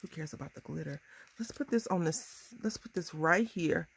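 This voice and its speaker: A woman in her thirties chatting casually through a crafting tutorial, bubbly and quick to laugh at herself. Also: on the low side, creaky, husky. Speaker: crafting vlogger.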